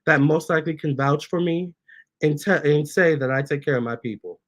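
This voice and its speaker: A man's voice: on the high side, a little fast. A man, a tarot reader, chatting casually on his livestream, reading viewer comments aloud and cooing at his cats. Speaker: tarot reader and channel host.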